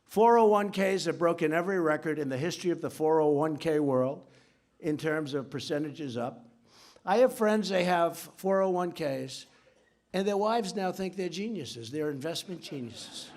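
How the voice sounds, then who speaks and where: A man's voice: fairly high pitch, normal speed, a little mellow. A man giving an off-the-cuff speech at a signing event, rambling and boastful, with asides to people in the room.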